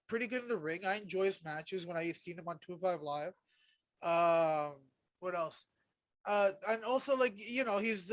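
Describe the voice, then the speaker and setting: A man co-hosts a podcast in a high voice, pausing often and filling the gaps with "uh" and "like". The sound is dry, with hardly any room around it. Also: no room sound. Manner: halting, filler-heavy. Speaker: podcast co-host. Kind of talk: casual wrestling podcast chat.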